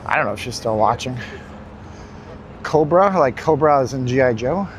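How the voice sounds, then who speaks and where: A man's voice: medium pitch, animated, moderate pace. Tired man rambling on a noisy street. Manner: rambling, joking, talks to the chat. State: tired and winded. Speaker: livestream host. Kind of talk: casual walking livestream. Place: city street outdoors. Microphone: handheld phone. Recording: phone mic on a noisy street.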